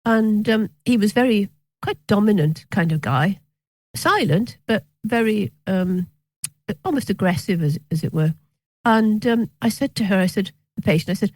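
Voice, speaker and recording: A woman, a physician telling stories as an interview guest, hesitant with many pauses and restarts, wry at times. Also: mid-range voice, darkish tone, no room sound, rough recording. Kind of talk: conversational storytelling interview.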